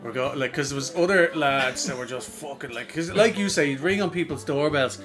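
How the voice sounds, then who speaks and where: A man's voice: a little high, a little fast, fairly bright tone, faint music behind. An Irish man co-hosting a podcast, rambling through a story in casual chat, heavy on "like" and swearing freely. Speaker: podcast co-host.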